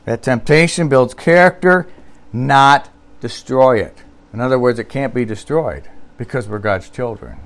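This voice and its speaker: A male pastor preaching a sermon, reading scripture and quotes aloud and repeating key phrases with slow emphasis. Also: mid-range voice, expressive.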